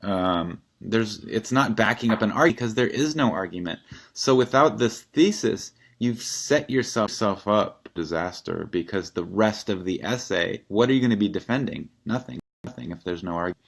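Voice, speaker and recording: A man with a very low voice teaches in a relaxed, conversational way, walking through a student essay in a recorded lecture. He is wry and plainspoken and clears his throat now and then. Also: normal speed.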